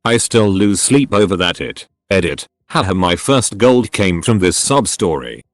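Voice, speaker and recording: A man reading out online stories as a scripted narration, with a lively, comic delivery on a studio mic. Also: deep voice, unhurried, dry recording. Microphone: studio voice-over mic.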